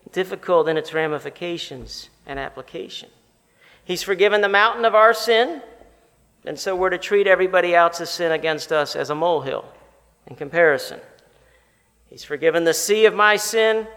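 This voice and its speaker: A pastor delivers his sermon in a high voice with a gravelly edge. He is animated, slows for emphasis and puts questions to his listeners. His voice rings out in the long reverb of a large hall.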